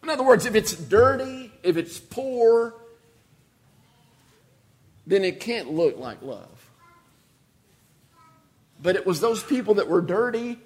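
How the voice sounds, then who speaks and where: Guy preaching a sermon, pretty high voice, goes loud then drops real soft, repeats stuff for emphasis. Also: expressive, slow, pauses often. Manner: storytelling with dramatic swings in loudness and pace; repeats key phrases for emphasis.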